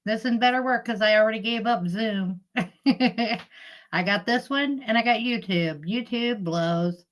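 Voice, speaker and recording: A middle-aged woman talks on a casual live stream, her voice sitting a little high. She rambles through family anecdotes, laughing often and breaking off to greet viewers by name. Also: unhurried, low-quality recording.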